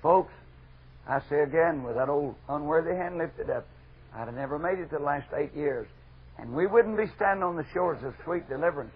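A middle-aged man preaching a fervent revival sermon, moving from loud exhortation to hushed asides. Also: a little high, lively intonation, moderate pace, husky. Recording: dull lo-fi archival sermon recording.

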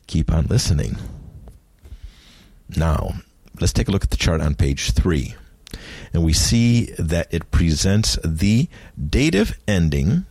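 A man teaching a recorded language lesson, explaining grammar deliberately and repeating each example word for pronunciation practice. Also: low-pitched, darkish tone, dry recording.

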